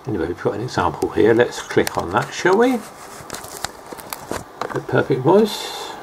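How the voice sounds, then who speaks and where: Chatty man with a gravelly voice. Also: mid-range voice, huge pitch swings, a little slow, noisy background. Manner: rambling, chatty, with asides and fillers. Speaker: video maker. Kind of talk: casual commentary over clips.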